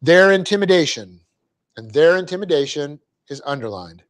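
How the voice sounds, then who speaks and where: With an expressive, somewhat high voice, a middle-aged Bible teacher gives a Greek grammar lecture in a church classroom. His explanations are patient, he keeps checking on his listeners, and he laughs good-naturedly whenever he slips up.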